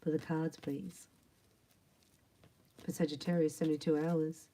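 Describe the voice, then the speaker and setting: Chatty woman tarot reader with mellow voice. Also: low-pitched, unhurried, a little hiss or hum. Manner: chatty, animated, acts out imagined quotes. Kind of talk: tarot reading monologue.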